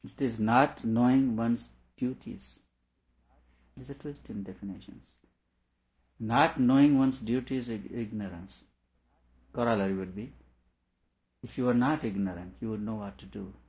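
A male teacher giving an explanatory lecture on a scripture, repeating each question aloud before patiently explaining it, with quiet chuckles along the way. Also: medium pitch, normal speed, long pauses. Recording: dull lo-fi recording.

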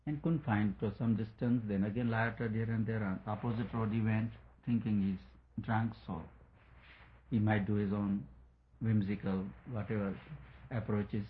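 A man's voice: fairly low pitch, steady tone, moderate pace, phone-quality sound, a little hiss or hum. A man giving a spiritual talk, telling a story in a rambling way, searching for words and chuckling.

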